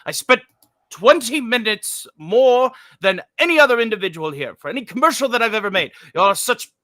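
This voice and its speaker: A man's voice: very high voice, animated, brisk, sharp tone, no echo, voice pushed up, exaggerated voice. A man doing an impression of a pompous, irritable older actor, reading ad copy with haughty, sweeping emphasis in a comic dramatic reading. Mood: indignant.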